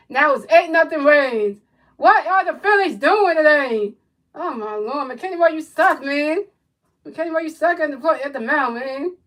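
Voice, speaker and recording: Woman with a slightly high voice, livestream commentator, casual play-by-play, repetitive calls, frustrated rants. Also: fairly bright tone, poor audio.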